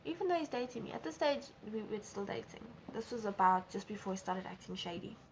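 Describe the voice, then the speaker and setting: A young woman with a South African accent telling a storytime vlog, animated and acting out quotes. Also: a little hiss or hum. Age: young adult. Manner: animated, acts out quotes with big pitch jumps. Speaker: vlogger. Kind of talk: casual storytime.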